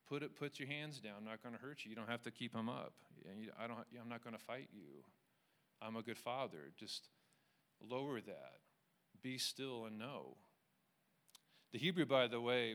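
A man with a smooth, clear voice gives a relaxed sermon to a small group. He talks like he's chatting, restarting his sentences and slipping into quoted voices, then moves into a closing prayer. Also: mid-range voice. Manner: conversational, with frequent restarts and quoted inner voices; closes with a prayer. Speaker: teacher leading a Bible study. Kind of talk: informal sermon.

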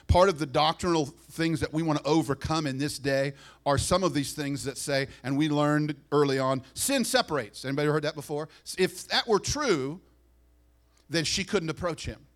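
A man preaching a sermon with a somewhat high voice. He is animated, swings between soft asides and loud, impassioned prayer, and briefly acts out the voices of the people in his story. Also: normal speed. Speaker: pastor.

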